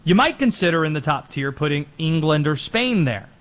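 A man hosting a sports show, talking through teams and players in quick, conversational commentary that often corrects itself. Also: fairly high pitch, animated, fairly bright tone.

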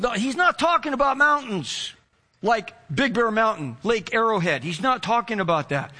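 A pastor with a very high, bright voice preaches in a lively, anecdotal way. He tells his story with energy and keeps slipping into the conversations he describes. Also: moderate pace. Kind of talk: storytelling sermon.

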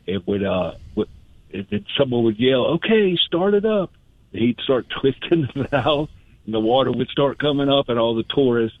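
A man's voice: medium pitch, moderate pace, dry recording. A man calling into a radio show, telling a story loosely with lots of fillers. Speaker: caller. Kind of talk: casual radio chat. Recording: tinny phone line.

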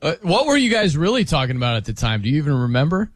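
Radio host man on a studio mic, lively up-and-down voice, dry sound. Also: a little high, rapid-fire, dry recording. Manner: chatty, laughs often, mimics others' pronunciations. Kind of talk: casual radio talk.

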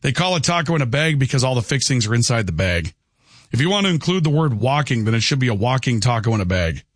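A man's voice: mid-range voice, big pitch swings, quick pace, no echo, studio quality. A man hosting a talk radio show, reading out texts and riffing on them in a rambling, emphatic, jokey way. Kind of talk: casual talk radio chat.

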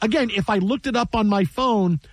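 Male sports talk host, high-pitched, dry close mic, loose rambling storyteller. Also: fairly quick, no echo. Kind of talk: casual sports talk chat.

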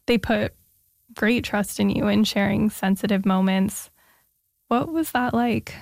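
A woman's voice: mid-range voice, fairly even intonation, unhurried, vocal fry, darkish tone, dry recording, clean studio sound. A woman interviewing a guest, encouraging and thoughtful as she asks her questions. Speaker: interviewer, host. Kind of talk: casual interview conversation.

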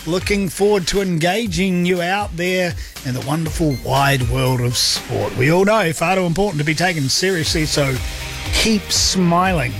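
A man's voice: on the high side, normal speed, a bit bright, soft background music. A man with a New Zealand accent hosting a sports talk radio show, upbeat and chatty with a joking manner. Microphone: studio microphone.

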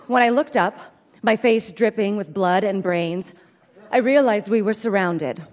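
A woman performing a comic story reading live, in a brisk, deadpan manner, heard in an echoey hall. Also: medium pitch, a faint crowd. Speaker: comedic storyteller.

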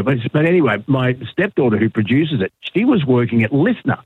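A fast-talking, middle-aged Australian radio guest, himself a broadcaster and podcaster, tells chatty stories riddled with fillers and restarts. His medium-pitched voice is slightly rough and swings widely, coming over a dry, tinny phone line with no room sound.

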